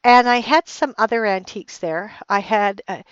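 A woman's voice: medium pitch, normal speed, clear, resonant tone, no echo. A middle-aged woman hosting a podcast, telling a personal story in a rambling way with lots of restarts and fillers, getting heated and emphatic. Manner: heated and emphatic when retelling anger. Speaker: podcast host. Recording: dull, lo-fi dry recording.

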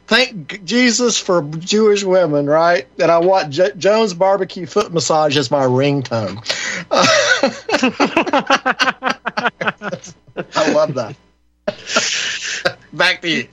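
A male radio panel guest chuckling through casual banter. His voice is high and his talk unhurried, heard over a dull, lo-fi line. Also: very animated, a bit bright. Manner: chuckling, amused. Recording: dull lo-fi sound.

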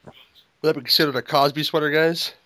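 A man's voice: a little high, fairly even intonation, quick pace, sharp tone, no echo, rough recording. A man co-hosting a movie commentary podcast, making crude jokes in casual running chatter over the film. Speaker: podcast co-host.

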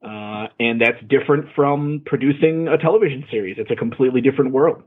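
A man chats loosely on a podcast and swears freely. His voice is husky and sits at an ordinary pitch. It comes through a narrow, tinny, phone-like line. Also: quick pace. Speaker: podcast co-host. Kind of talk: casual chat.

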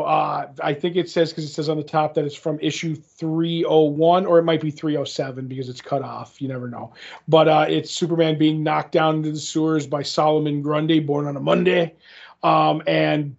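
Gravelly, joking podcast co-host man. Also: fairly high pitch. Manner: jokey, punning banter. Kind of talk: casual podcast chat. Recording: dull lo-fi audio.

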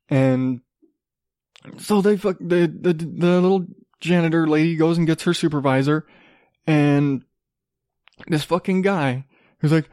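Profane ranting man, higher voice, dry sound. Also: normal speed, pauses often, warm tone, dry recording. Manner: profane, ranting, acts out both sides of arguments. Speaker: podcast host. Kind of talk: profane storytelling rant.

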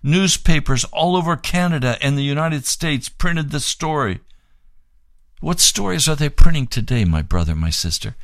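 A man's voice: fairly high pitch, animated, normal speed, a bit bright, dry recording, studio quality. A man preaching on the radio, reading aloud from a book and making fervent, pleading appeals for donations.

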